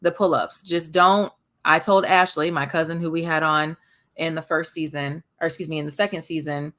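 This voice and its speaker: A woman's voice: steady tone, moderate pace, a bit bright. A woman in her thirties co-hosting a podcast, chatting candidly and casually. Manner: candid, chatty, often quotes her toddler in a high voice. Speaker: podcast co-host.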